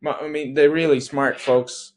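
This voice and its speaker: A man's voice: on the high side, fairly even intonation, moderate pace. A man talking casually on a podcast, rambling through a thought with lots of restarts. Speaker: podcast co-host.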